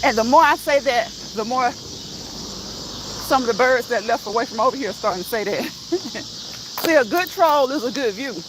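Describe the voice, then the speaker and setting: Woman, fairly high voice, casual walking chat, teasing, laughs a lot, outdoor noise with insects. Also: lively intonation, normal speed, pauses often. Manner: chatty, teasing, laughs often. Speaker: vlogger on a live walking stream. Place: outdoors in a rural area, walking uphill.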